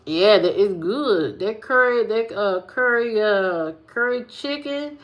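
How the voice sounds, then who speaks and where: A woman's voice: mid-range voice, expressive, slow pace. A woman vlogger in casual chat with her viewers, teasing them and repeating phrases for emphasis.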